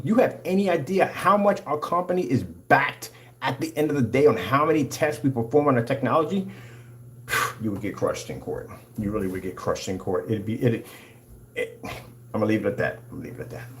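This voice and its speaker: A man's voice: mid-range voice, expressive, brisk, slight background noise. Hyped-up man ranting over demos. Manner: hyped, combative, preachy. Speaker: screen paint company owner. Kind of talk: excited product demonstration rant.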